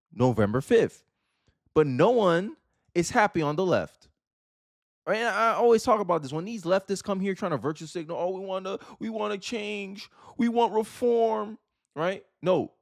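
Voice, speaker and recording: A young man in his twenties hosting casual political commentary, talking in an animated, sarcastic and colloquial way. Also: on the high side, dry recording, clean studio sound. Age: young adult, 18 to 29.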